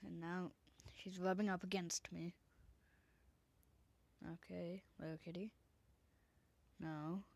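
Slow-talking woman, half-whispered commentary. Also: lowish voice, little pitch movement, vocal fry, darkish tone. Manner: often drops to a whisper. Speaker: gamer. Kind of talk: casual gameplay commentary. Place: her bedroom at home. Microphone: desk microphone.

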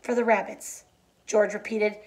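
A woman reads a novel chapter aloud in a quiet, even voice that drops low on the somber lines. When she finishes, she explains the ending in a chatty way, with fillers and restarts. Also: measured pace. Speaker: teacher reading a novel aloud. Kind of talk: read-aloud and plain explanation.

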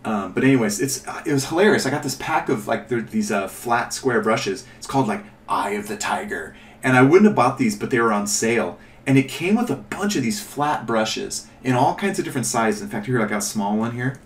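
In an echoey room with the mic set at a distance, a man hosts a casual show-and-tell tutorial on painting miniatures, chatting, thinking aloud, rambling and correcting himself. His mid-range voice is fairly quick and lively, with few pauses.

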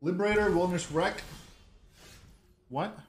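A man's voice: high-pitched, measured pace, roomy sound. A man casually commentating his own card game stream, muttering to himself and chatting loosely with viewers. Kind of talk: casual live gameplay commentary.

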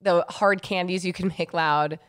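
A woman's voice: lowish voice, steady tone, unhurried, smooth. A woman co-hosting a podcast in casual chat, rambling through stories, laughing often and swearing freely. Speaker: podcast co-host.

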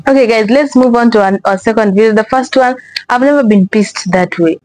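A woman's voice: on the high side, a little fast, darkish tone, dry recording, low-quality recording. A woman hosting a reaction video, talking casually, exasperated and profane, often repeating herself.

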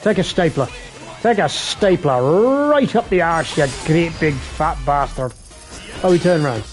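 A man's voice: fairly high pitch, unhurried, soft background music. Profane man streaming a game. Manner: excitable and heavily profane, jumping between yelps and mutters. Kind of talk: live game stream commentary.

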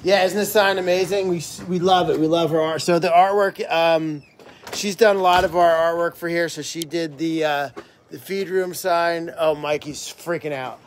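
A man's voice: a little high, fairly even intonation, moderate pace. A man hosting a casual live stream outdoors at an animal sanctuary at night, talking with upbeat enthusiasm and plenty of fillers.

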